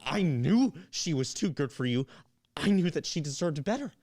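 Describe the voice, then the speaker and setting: A man's voice: a little high, big pitch swings, moderate pace, darkish tone. A young man acting in a live reading of a new play, playing an anxious gamer who is lovesick and resentful toward his best friend. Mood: bitter. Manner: nervous, flustered, turning bitter and accusing. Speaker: stage actor in a play reading.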